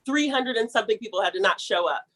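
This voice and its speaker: A woman telling a long personal story in a casual, animated way, talking fast and acting out the people she quotes. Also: medium pitch, rough recording. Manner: talks fast to get through a long story.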